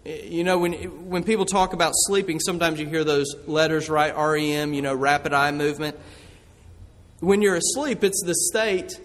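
Pastor, male, high voice, earnest sermon delivery, long hall reverb. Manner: earnest preaching with slowed emphatic phrases.

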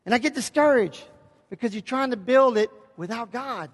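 A man's voice: very high-pitched, moderate pace, in a large hall. A pastor preaching an emphatic sermon in a church, often checking in with his congregation.

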